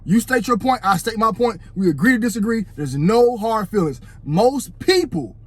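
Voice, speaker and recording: High-voiced man preaching into a phone. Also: expressive, moderate pace, breathy edge, no echo. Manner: preachy, addresses "fellas", repeats "you know what I'm saying". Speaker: vlogger. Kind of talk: casual opinion monologue.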